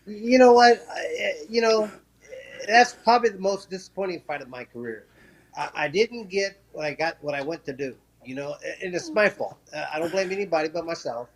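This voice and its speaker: A man with a high voice tells the story of one of his fights in a casual interview. He talks in quick bursts, tripping over restarts and repeats, and acts out the lines of the people in the story. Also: slight background noise. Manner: acts out quoted voices while telling a story. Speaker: former professional boxer, interview guest.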